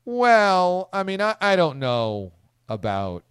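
A man's voice: high-pitched, very animated, takes it slowly, fairly bright tone, clear, resonant tone, no echo. A male radio host whose voice swings widely up and down as he chats. He sounds close and dry on a studio mic, in casual sports-talk banter, reading listener posts aloud with a playful lilt. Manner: chatty, reads listener tweets aloud with playful emphasis.

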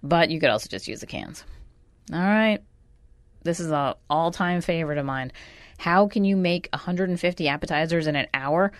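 A woman's voice: low voice, moderate pace, dry recording. A woman hosting a radio show, chatting wryly and giving easy recipe tips. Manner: chatty, wry, animated.

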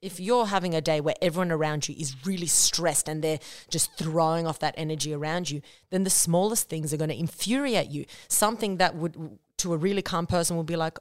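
Solo podcast host, a woman with a low voice; chatty, blunt, drops swear words, recorded dry and close. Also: a little fast, hardly any pauses, no echo. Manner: chatty and frank, swears freely. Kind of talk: casual solo podcast talk.

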